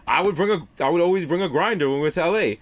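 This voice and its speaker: A man's voice: a little high, racing. A man from the Bronx with a New York accent, co-hosting a comedy podcast and telling stories in casual banter, acting out what people said. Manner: animated storytelling, acting out quotes. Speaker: podcast co-host.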